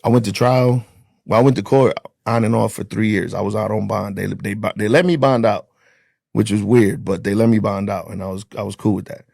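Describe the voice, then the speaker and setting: A man with a low, heavily gravelly voice tells his story in a blunt, casual way. He swears freely and acts out what people said to him. His voice is husky, and the sound is dry and close. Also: steady tone, a little fast, a little mellow, no echo. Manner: blunt, profane, acts out dialogue. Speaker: interview guest, former corrections officer.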